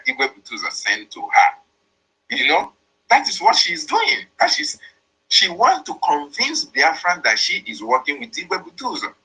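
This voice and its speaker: A man's voice: mid-range voice, sharp tone, breathy edge, rough recording. A man, explaining and interpreting a played voice message in a repetitive, emphatic way. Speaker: commentator.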